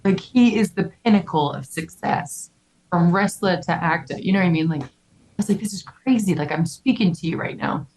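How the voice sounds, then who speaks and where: Animated young woman telling a story. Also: fairly low pitch, normal speed, low-quality recording. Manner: animated, heavy filler "like", casual swearing. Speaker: podcast guest. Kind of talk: casual storytelling.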